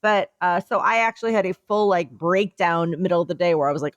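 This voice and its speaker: Woman podcast co-host, low voice, rambling animated storytelling, dry close sound. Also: a little fast, no echo. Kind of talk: casual chat.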